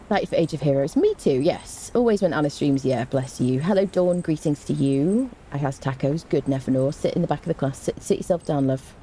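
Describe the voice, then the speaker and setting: Low mellow British woman streamer. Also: expressive, brisk, few pauses, a little hiss or hum. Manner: chatty, greets viewers, frequent ums and self-corrections. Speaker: game streamer. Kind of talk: live-stream chat and reading patch notes.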